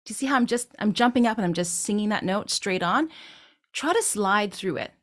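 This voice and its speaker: A woman's voice: medium pitch, animated, a little fast. A woman vocal coach teaching a singing tutorial, explaining patiently, tagging her points with questions, and breaking into short sung demonstrations.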